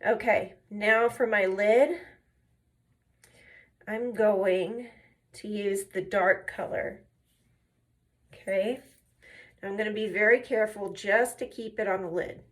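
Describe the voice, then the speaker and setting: A makeup and faith vlogger chats casually while doing her makeup, walking through each step and telling stories that drift off on tangents. Her voice sits in the mid-range with a steady tone, and she speaks slowly with long pauses.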